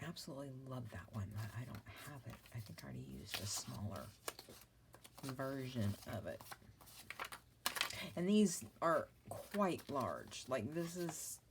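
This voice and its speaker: A woman's voice: extremely low pitch, big pitch swings, normal speed, background noise. A middle-aged woman chatting through a crafting vlog, rambling and apologizing with self-mocking asides. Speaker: papercraft vlogger. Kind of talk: casual crafting vlog chat.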